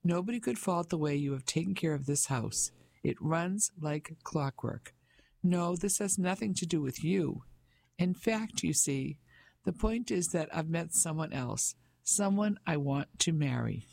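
A man's voice: a little high, animated, measured pace, gravelly, a little mellow, heavily acted. A man voicing a pompous fifty-five-year-old businessman in an audiobook, speaking in a blustering, patronizing way. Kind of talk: audiobook character voice.

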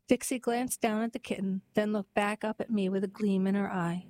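A woman narrating a heartwarming story and then reading a poem aloud in a gentle, even storytelling manner. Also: mid-range voice, moderate pace, poor audio.

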